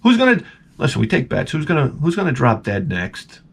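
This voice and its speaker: A man telling a comedic story in an animated rant, swearing and stammering through restarts. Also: medium pitch, a little fast, gravelly, breathy edge. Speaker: comedic vlogger.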